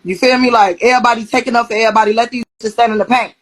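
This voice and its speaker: A woman retelling a fight on a live stream, blunt and profane, quoting the back-and-forth with animated heat. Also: a little high, rapid-fire, low-quality recording. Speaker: reality show cast member interviewed on a live stream. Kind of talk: heated storytelling on a live stream.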